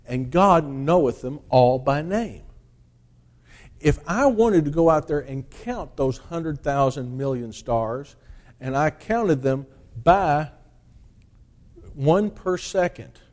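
Man preaching, slightly high voice, sermon, forceful scripture reading. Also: expressive, takes it slowly, long pauses. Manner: reads scripture aloud in a rising, forceful cadence, then explains in plain talk.

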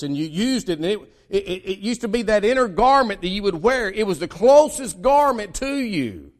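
Preacher, male, American, slightly high voice, emphatic sermon delivery with big pitch swings and stumbling restarts. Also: expressive, moderate pace, few pauses. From United States. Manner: emphatic preaching with many repeated starts and dramatic pitch swings.

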